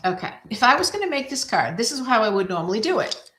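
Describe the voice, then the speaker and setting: This card-making host talks quickly in a sing-song voice on the high side, fairly bright, joking at her own expense and thinking aloud while she works. The casual demo is recorded in an echoey room with slight background noise.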